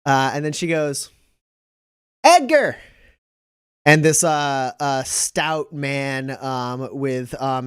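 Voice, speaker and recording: A man's voice: medium pitch, smooth, no echo, clean studio sound. A man narrating as game master of a tabletop game, loose and rambling with lots of filler.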